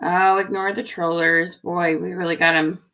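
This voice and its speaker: A woman's voice: on the low side, level tone, moderate pace, dull audio. A woman hosting a live online stream, chatting in a friendly way as she greets viewers in the comments. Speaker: livestream host.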